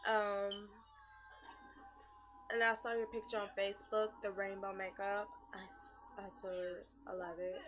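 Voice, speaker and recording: A young woman vlogger, chatty and rambling, swearing freely as she gives shout-outs and walks through her everyday makeup routine at home. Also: medium pitch, little pitch movement, unhurried, faint music behind. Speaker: beauty vlogger. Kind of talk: casual makeup tutorial. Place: at home after work.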